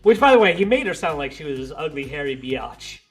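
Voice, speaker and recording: A man's voice: a little high, brisk, soft background music. A man co-hosting a podcast in casual chat, joking and slangy as he recaps an episode. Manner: joking, slangy, animated storyteller. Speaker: podcast co-host.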